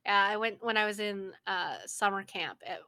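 A young woman co-hosting a podcast, telling stories in animated casual chat with frequent laughter and swearing. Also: medium pitch, moderate pace. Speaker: podcast co-host. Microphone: podcast microphone.

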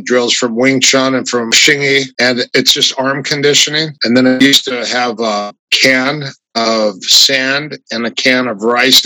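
A man guest on an interview, telling martial arts stories in a casual, animated way, pitching up when he quotes others. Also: no room sound, poor audio. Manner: animated, raises his voice when quoting others. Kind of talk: casual anecdotal storytelling.

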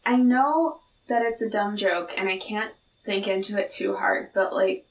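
A woman's voice: mid-range voice, a little slow, echoey room, far from the mic, slight background noise. A woman co-hosting a podcast, talking expressively about a TV episode in casual chat. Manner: expressive, laughs easily. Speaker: podcast co-host.

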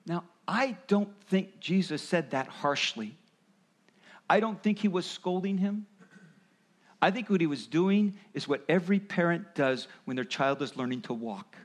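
A man's voice: on the high side, a little slow. A man preaching a sermon, explaining and acting out quoted voices as he goes. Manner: animated, acts out voices of parents and Jesus. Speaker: pastor.

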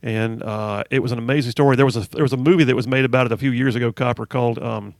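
A man's voice: mid-range voice, fairly even intonation, rapid-fire, creaky, dry recording. A male radio talk show host in a studio, delivering an emphatic monologue and repeating phrases for emphasis. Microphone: studio microphone.

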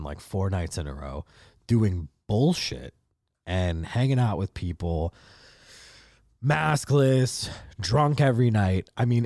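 A young man hosting a podcast, telling a courtroom story in a ranting, heavily swearing, animated way into a close mic. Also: sits low, no echo. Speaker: podcast host. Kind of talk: profane comedic storytelling.

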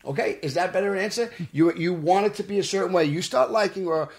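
A man's voice: high voice, fast talker, creaky. A man from Brooklyn, a guest actor on a studio podcast who tells his stories earnestly and acts out the quotes. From Brooklyn, New York. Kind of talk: casual podcast interview.

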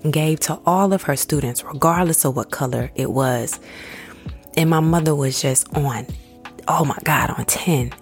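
A woman, telling a personal story in a casual, conversational way and calling her listeners y'all. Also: sits low. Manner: conversational, addresses listeners as y'all, acts out quoted voices.

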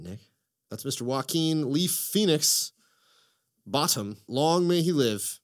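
A man hosting a casual podcast chat, excitable and profane, telling stories with lots of energy. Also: mid-range voice, takes it slowly. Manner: excitable, profane, animated storytelling. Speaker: podcast host.

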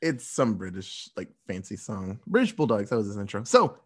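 A man casually recapping a movie plot, animated and profane, acting out the characters' lines as he goes. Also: fairly low pitch, normal speed, husky.

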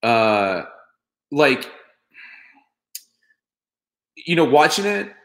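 Lively male storyteller for a casual chat, with a widely swinging pitch and lots of fillers. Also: very slow, roomy sound.

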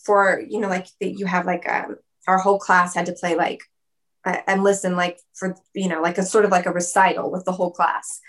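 A woman's voice: fairly low pitch, level tone, fairly quick, a bit bright. A woman guest speaking in a casual interview, chatty, with many fillers and frequent laughter. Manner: chatty, lots of "like" and "um", laughs often. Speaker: musician guest. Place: video call.

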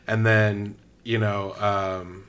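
A man's voice: fairly low pitch, level tone, drawn-out words, fairly bright tone. A man in his thirties co-hosting a podcast, rambling through stories with fillers and self-corrections. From Florida. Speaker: podcast co-host. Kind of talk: casual chat.

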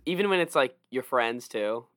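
A man's voice: mid-range voice, normal speed. A young man co-hosting a podcast, chatting casually and acting out people's reactions. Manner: animated, acts out quoted reactions. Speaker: podcast co-host. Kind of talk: casual chat.

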